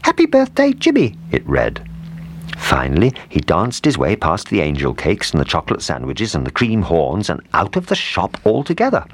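A man reading a children's storybook aloud, in an animated, expressive way. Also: low voice, normal speed, few pauses. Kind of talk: storybook narration.

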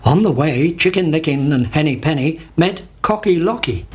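A narrator reading a children's fairy tale in a steady, lively manner. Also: mid-range voice, moderate pace, few pauses. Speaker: storyteller. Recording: noisy background.

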